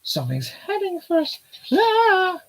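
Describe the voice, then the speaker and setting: A man doing a prickly young woman in a squeaky falsetto, leaping high and low as she huffs and objects. The voice is feisty and flustered, pitched well above his own, with big swings in pitch. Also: wildly swooping pitch, a little slow, a bit bright, full character voice, low-quality recording. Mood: alarmed.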